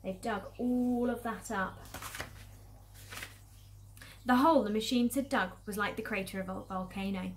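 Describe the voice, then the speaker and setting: A woman's voice: mid-range voice, steady tone, measured pace, pauses often. A woman, a primary school teacher, reading a storybook aloud and explaining it patiently to young children.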